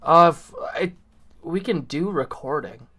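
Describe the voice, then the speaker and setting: A man's voice: a little high, a little slow, bright, forceful tone. A man chatting casually on a stream, laid-back, swearing often and filling with "like". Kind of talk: casual chat.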